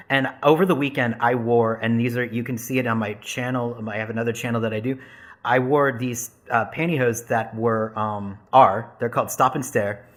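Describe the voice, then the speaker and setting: A man's voice: medium pitch, fairly bright tone. A man co-hosting a podcast, chatting loosely with lots of fillers and restarts. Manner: rambling, filler-heavy, laughing. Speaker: podcast co-host. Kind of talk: casual chat.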